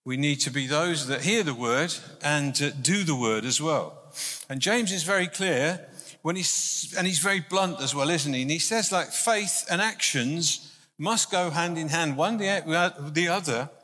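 A man's voice: on the high side, measured pace, pushed and bright. Guy minister chatting through a sermon, lots of restarts, echoey church hall. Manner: informal, conversational preaching with frequent restarts. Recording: hall reverb.

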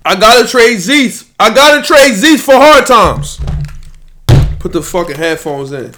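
Young new guy, high voice, ranting on his podcast about a draft, all worked up. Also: a little slow. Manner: frustrated, animated ranting. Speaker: podcast host. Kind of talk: live fantasy draft commentary. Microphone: podcast mic, moves away at times.

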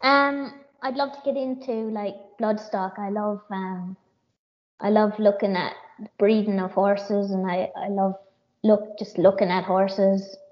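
An Irish woman, a jockey, talks through a casual interview, pausing often with fillers and restarting her sentences. The audio is muffled and lo-fi, with little top end. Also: medium pitch, fairly even intonation. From Ireland. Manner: hesitant, many fillers and restarts. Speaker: jockey, guest.

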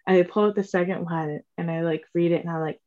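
A woman's voice: lowish voice, fast talker, highs cut off. A woman in her twenties telling a story in casual chat, acting out what people said, swearing and saying "like" a lot. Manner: animated, acts out quotes, swears, says "like" often.

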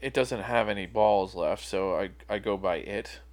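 A man's voice: on the low side, moderate pace. A man co-hosting a podcast in casual chat, laid-back and dry, often trailing off. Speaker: podcast co-host.

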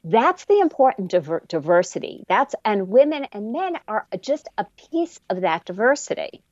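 A woman's voice: mid-range voice, very animated, moderate pace, a little mellow, dry recording, dull audio. A businesswoman guest answering interview questions earnestly, telling stories and acting out quotes. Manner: earnest, storytelling, acts out quotes.

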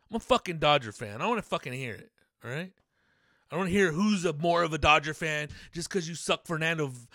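A man ranting angrily about sports and city politics, swearing constantly, stumbling over repeated words and breaking into loud outbursts. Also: fairly high pitch, no room sound, clean studio sound. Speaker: sports rant commentator. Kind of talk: profane ranting monologue.

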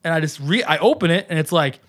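A man in his thirties speaks with a New York accent, his voice sitting a little high for a man. He tells a personal story in a loose, animated way, swearing freely and slipping into the voices of the people he quotes. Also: quick pace. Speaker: podcast guest. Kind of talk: casual storytelling.

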